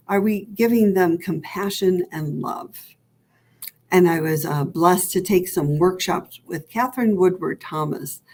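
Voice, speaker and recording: An American woman minister guides a meditation in a slow, soothing voice. Her tone is slightly husky and a little low, and at times it sinks to a breathy whisper. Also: a little mellow. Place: church hall.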